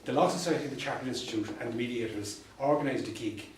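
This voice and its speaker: An Irish solicitor and mediator giving an anecdotal talk to fellow professionals, telling stories with dry humour and repeated punchlines. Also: male voice, medium pitch, fast, a little hiss or hum. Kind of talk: anecdotal presentation to a professional audience. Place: meeting room. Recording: distant mic in an echoey room.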